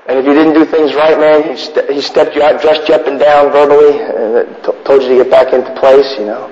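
A man telling wry, animated stories to an audience in a casual way. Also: mid-range voice, a little hiss or hum. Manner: animated, wry, acts out voices in his stories. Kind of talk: casual anecdotal storytelling to an audience. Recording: echoey hall, dull lo-fi sound.

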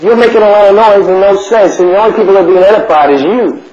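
A man's voice: high-pitched, quick pace, darkish tone. A man teaching a Bible study as a sermon, bluntly asking questions and answering them himself. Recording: muffled recording with faint noise.

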